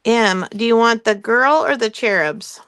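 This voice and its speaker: A woman's voice: fairly high pitch, measured pace, a bit bright, clean tone. A woman hosting a live craft-supply sale, chatting casually with ums and frequent laughs. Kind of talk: live-stream sales chat.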